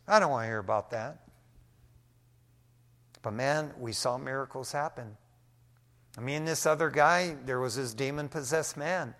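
Folksy older male preacher in a reverberant hall. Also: a little high. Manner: animated, folksy testimony with frequent "man". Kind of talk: storytelling sermon.

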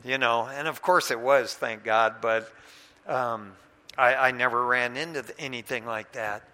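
A man preaching a sermon, telling a story with animated delivery that swings between loud and hushed. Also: mid-range voice, unhurried. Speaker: pastor. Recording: long hall reverb.

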